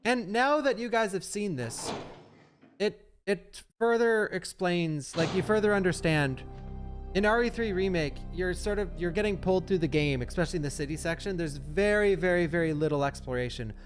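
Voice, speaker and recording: A male streamer giving live gameplay commentary, excitable and chatty with his viewers. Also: high voice, normal speed. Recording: game music behind voice.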